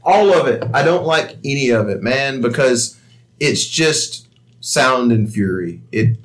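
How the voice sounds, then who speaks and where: Animated, sardonic man chatting casually. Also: mid-range voice, a little slow. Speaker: podcast co-host. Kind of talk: casual chat.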